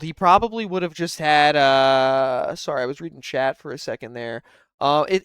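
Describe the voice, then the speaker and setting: A man's voice: a little high, a bit bright, clean tone, no room sound. A man streaming live, commenting on police clips in a rambling way with lots of fillers and reading chat aloud.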